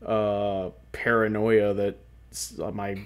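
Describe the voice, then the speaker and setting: In a casual podcast chat, this co-host rambles and swears, sometimes getting loud. He speaks slowly with a fairly low voice and a flat delivery.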